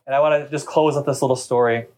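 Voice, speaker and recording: A man's voice: mid-range voice, fairly even intonation, fast talker, a little mellow. A middle-aged man, a pastor, preaching a sermon in a chatty, storytelling way during a church service. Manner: conversational storytelling preacher, talkative.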